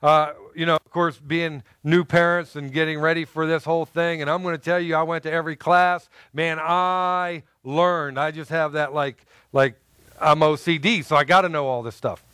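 A man with a high, smooth and resonant voice preaching a sermon in a dry, close sound. He tells personal stories in an animated way, acts out the people in them and jokes with the congregation. He sounds middle-aged. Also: normal speed, no room sound. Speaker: pastor.

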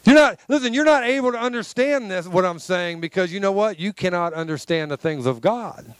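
A man with a notably high voice preaches a sermon before a live congregation. He is emphatic and conversational, pressing his points and calling out for responses. The sound is dry and close. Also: expressive, brisk, smooth, no echo. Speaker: pastor.

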